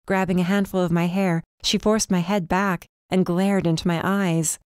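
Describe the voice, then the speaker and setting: A woman reading a first-person fantasy audiobook with intense, measured drama. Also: on the low side, flat delivery, a little mellow, clear, resonant tone, no room sound, clean studio sound. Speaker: audiobook narrator.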